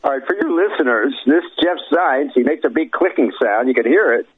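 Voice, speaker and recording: A man's voice: mid-range voice, animated, brisk, breathy edge. A man talking as a radio show guest in a mocking, laughing manner. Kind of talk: casual talk radio chat. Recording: tinny dry phone line.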